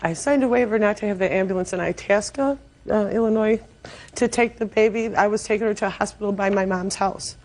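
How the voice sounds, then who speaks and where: A woman testifying as plaintiff in a TV courtroom, hesitant, with pauses and restarts. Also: medium pitch, darkish tone.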